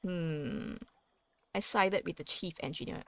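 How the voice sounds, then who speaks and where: A woman's voice: on the low side, slow, a bit bright. A woman playing a story game, reading its text aloud and chatting about her choices in a playful way. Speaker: let's play host.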